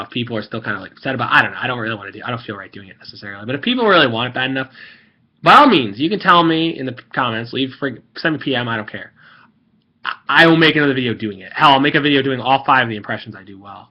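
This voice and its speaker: Salty rambling young man, lo-fi audio. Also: mid-range voice. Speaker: gaming video creator. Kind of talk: rambling gaming commentary rant.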